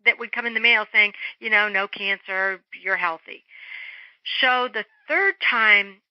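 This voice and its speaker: A middle-aged woman, an interview guest, telling a story in an animated way and acting out the voices of the people in it. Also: mid-range voice, measured pace, no room sound. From Germany. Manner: animated, acts out quoted voices. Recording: dull lo-fi phone-line sound.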